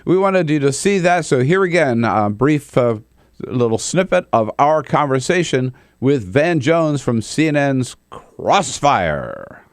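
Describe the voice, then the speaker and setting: A man's voice: medium pitch, very animated, measured pace, dry recording, clean studio sound. Genial male talk-show host. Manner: genial, easy laughter, conversational. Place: radio studio.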